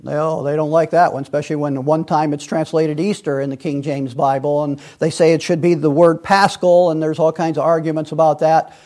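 Man, high voice, Bible study teacher, rambling, restarts a lot. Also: level tone, brisk, hardly any pauses, dark tone. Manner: digressive, many restarts and fillers.

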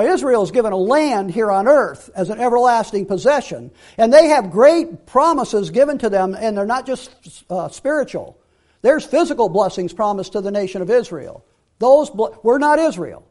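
A man giving a Bible teaching sermon, emphatic, repeating key phrases and dropping to quiet asides. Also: very high-pitched.

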